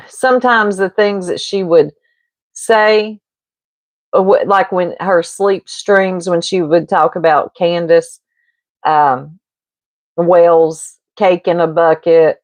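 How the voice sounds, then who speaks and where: A woman's voice: fairly low pitch, dry recording. A woman livestreamer chatting casually into her mic, gossiping, rambling and laughing often as she answers chat. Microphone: streaming mic.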